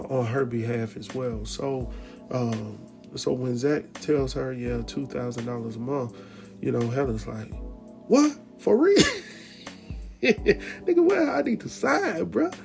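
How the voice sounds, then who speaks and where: A man hosting a casual TV episode recap, talking in an animated, slangy way. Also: mid-range voice, vocal fry. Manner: animated, slangy, laughs often, jumps into quoted voices. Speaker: recap host. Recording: music bed behind voice.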